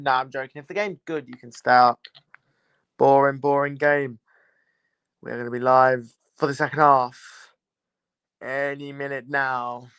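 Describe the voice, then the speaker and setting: A man's voice: mid-range voice, fairly bright tone, clear, resonant tone, dry recording. A young man, casually chatting and teasing his viewers while hosting a live football watchalong. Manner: chatty, teasing banter with chat. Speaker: livestream host.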